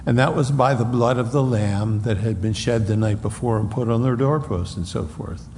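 A man preaching a sermon in an earnest way, sometimes acting out loud taunts from a crowd. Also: medium pitch, normal speed, a little hiss or hum. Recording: reverberant hall with faint ambience.

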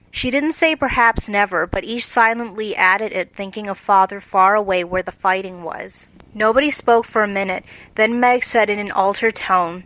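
A woman narrating an audiobook in a measured storytelling manner. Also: medium pitch, a bit bright, dry recording, poor audio. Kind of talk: scripted narration.

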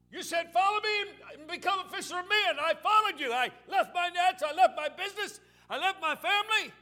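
A man's voice: fairly high pitch, a bit bright, husky. A man voicing a frustrated, worn-out fisherman disciple who pleads with and reproaches God. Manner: pleading, raw complaint to God.

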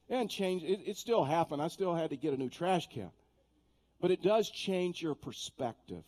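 A man's voice: a little high, warm tone. A man preaching a sermon in a conversational way, telling stories and often repeating words as he starts a sentence. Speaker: pastor. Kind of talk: sermon with storytelling.

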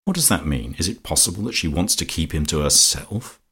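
A man's voice: a bass voice, expressive, a little fast, a bit bright, breathy edge, heavily acted. A man reading aloud and voicing a domineering middle-aged society lady who uses affected baby talk and Italian endearments. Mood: brisk.

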